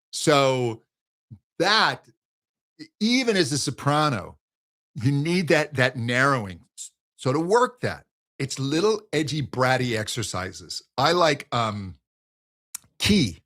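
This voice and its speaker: A man's voice: medium pitch, sing-song, measured pace, pauses often, a bit bright. A man teaching singing in a live question-and-answer session, explaining with restarts and breaking into sung exercises. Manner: thoughtful, restarts phrases.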